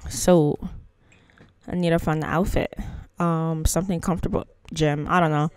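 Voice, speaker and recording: Smooth-voiced woman chatting over gameplay. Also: low voice, fairly even intonation, normal speed, a little mellow, no room sound. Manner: chatty and playful, with slangy asides. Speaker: gaming channel host. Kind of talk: casual gameplay commentary.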